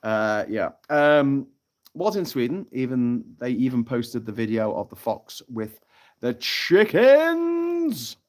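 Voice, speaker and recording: A man's voice: medium pitch, a little slow. A man hosting a casual live stream from a tropical island, reading out chat comments and telling sweary jokes. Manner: chatty and sweary, telling jokes with lots of laughter. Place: off-grid tropical island, from a hammock.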